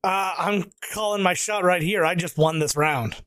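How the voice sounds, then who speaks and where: High-voiced man telling a story. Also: moderate pace, a bit bright, no echo. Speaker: podcast panelist. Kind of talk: casual storytelling chat.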